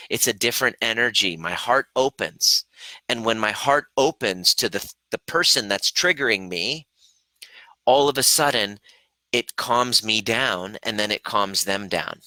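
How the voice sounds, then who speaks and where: Man, middle-aged, low voice, very bright tone, dry close sound, earnest live coaching talk. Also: expressive, unhurried, no echo, poor audio. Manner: earnest, reflective, acts out his own reactions. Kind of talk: live Q&A stream.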